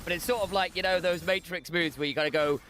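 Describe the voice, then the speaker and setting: A man doing live play-by-play esports commentary, jokey and excitable, on a headset mic. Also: a little high, slight background noise. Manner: excitable, jokey, rapid shifts from chatty to shouting. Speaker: esports caster.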